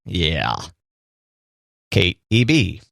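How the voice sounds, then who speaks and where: A man's voice: deep voice, very animated, very slow, creaky, a bit bright, no room sound, clean studio sound. A man co-hosting a casual podcast chat, joking and speaking directly to the listeners. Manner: playful, addresses listeners directly. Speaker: podcast co-host. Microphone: studio microphone.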